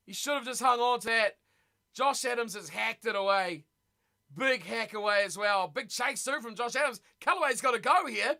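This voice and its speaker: A man hosting a live watch party stream, reacting excitedly to a rugby match and chatting with viewers. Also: very high voice, normal speed, vocal fry. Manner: excitable, chatty, reads viewer messages aloud.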